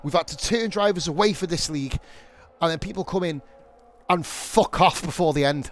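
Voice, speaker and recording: A young man streaming live sim-racing commentary, excitable and rambling, swearing freely and going off on rants. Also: fairly high pitch, normal speed. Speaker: league streamer and race commentator.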